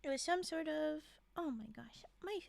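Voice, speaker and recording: A woman reading holiday stories on a live stream, slightly hoarse from a frog in her throat, often breaking off to chat and giggle with viewers. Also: sits high, expressive, normal speed, no echo.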